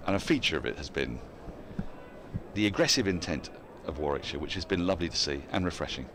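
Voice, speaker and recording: Deep-voiced, lively male cricket commentator. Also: fast talker, background noise. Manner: chatty, laughs often, reads out listener emails.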